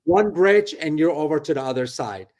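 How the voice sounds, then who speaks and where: On a video call from his office, a middle-aged real estate broker talks in an animated, fairly high voice with a darkish tone at a moderate pace. The casual interview has him ending his points with "right?".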